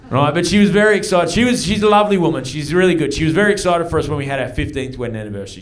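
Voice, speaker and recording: A man's voice: a little high, animated, very fast, hardly any pauses. An Australian man doing a stand-up set in a comedy club, brash and conversational, swearing freely. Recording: live audience laughter.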